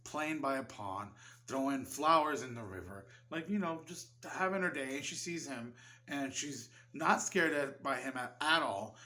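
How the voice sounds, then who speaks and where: A man's voice: mid-range voice, expressive, normal speed, pushed and bright. A man giving a casual film review, rambling loosely and swearing freely. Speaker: movie reviewer.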